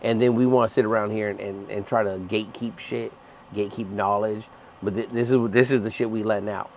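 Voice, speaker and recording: Low-voiced man in an angry profane rant. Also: fairly even intonation, brisk, slight background noise. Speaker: Navy chief, vlogger. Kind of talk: heated vlog rant. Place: aboard a ship at sea.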